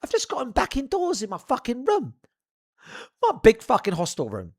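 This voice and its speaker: A young man telling a funny childhood anecdote in an animated, profane, theatrical way. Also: very high voice, normal speed. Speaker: storyteller. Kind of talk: comedic anecdote.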